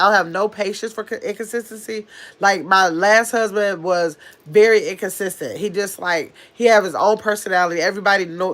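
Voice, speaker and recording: A woman hosting a casual live stream, chatting quickly and reading viewer comments aloud as she answers them. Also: medium pitch, a bit bright. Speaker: livestream host.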